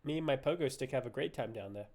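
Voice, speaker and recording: A man's voice: mid-range voice, fast talker, darkish tone. A man live-streaming a game, cracking silly jokes and laughing. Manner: joking, giggly, silly asides.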